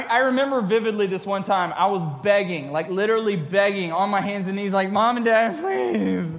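A man in his thirties giving an animated talk to middle schoolers, acting out his younger self. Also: high voice, long reverb tail. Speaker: youth speaker.

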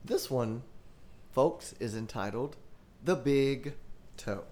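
A man hosting a podcast, reading a children's scary story aloud in a slow, dramatic style. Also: medium pitch, animated, warm tone. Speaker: podcast host.

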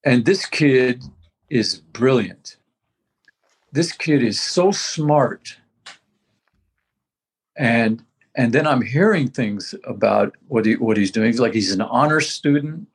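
A man's voice: mid-range voice, animated, slow pace, long pauses, husky. An older man talking casually as a veteran musician, rambling and reminiscing with many restarts. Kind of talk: casual conversation.

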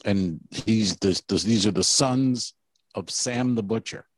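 A man co-hosting a comedy podcast, telling rambling stories in a casual, animated way and dropping into quoted voices. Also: lowish voice, slow. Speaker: podcast co-host.

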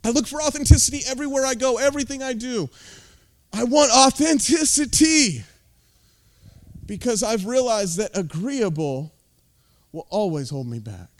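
American man, pastor, intense emphatic sermon, high lively pitch. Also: normal speed, pauses often. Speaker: lead pastor.

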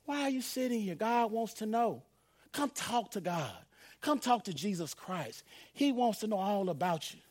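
High-voiced preacher in his fifties. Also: expressive, moderate pace. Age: 50s. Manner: swings from loud emphatic calls to hushed pleading; conversational, laughing, repeats phrases for emphasis. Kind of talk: sermon.

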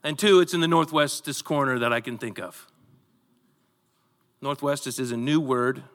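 A man preaching a sermon, telling the story with animated delivery and acting out voices. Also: medium pitch, normal speed, long reverb tail. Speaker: pastor.

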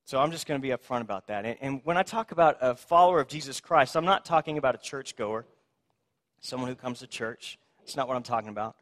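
A man's voice: medium pitch, expressive, quick pace, fairly bright tone. A man preaching a conversational sermon as pastor at a church service, retelling a story in a casual, plainspoken way.

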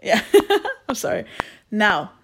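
A woman's voice: medium pitch, huge pitch swings, slow pace. Playful woman podcast host, noisy recording. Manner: playful, self-mocking, rambling with asides. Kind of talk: casual solo announcement.

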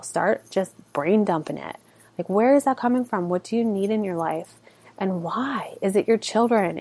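A woman's voice: mid-range voice, darkish tone. A woman in her thirties hosting a solo podcast, talking earnestly and conversationally as a mother, with lots of "like" and "you know". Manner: earnest, conversational, heavy use of "like". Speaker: podcast host.

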